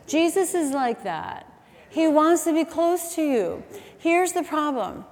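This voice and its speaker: A middle-aged woman preaching a sermon, chatty and animated, telling stories with asides and quick self-corrections. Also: high voice, big-room sound. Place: church auditorium.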